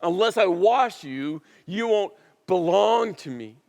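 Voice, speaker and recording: A preacher voicing Jesus, insistent and firm. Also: male voice, high voice, lively intonation, slow pace, darkish tone, in a large hall, pitched above the performer's own voice, full character voice. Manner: emphatic, repeating phrases with rising force. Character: Jesus, calm but insistent male teacher.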